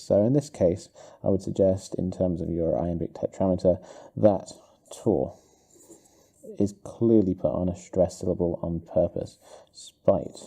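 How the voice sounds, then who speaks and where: Male teacher, low and dark with some fry, walking a student through meter in a warm, encouraging feedback style. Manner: encouraging, talks to the student directly, thinks aloud while writing. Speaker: English teacher. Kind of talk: explaining exam writing while annotating.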